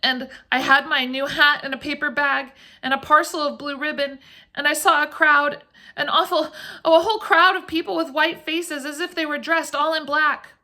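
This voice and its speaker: A woman's voice: high voice, pushed and bright, voice pushed up. A woman voicing a terrified young daughter who tells her story breathlessly. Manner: breathless, rushed, frightened.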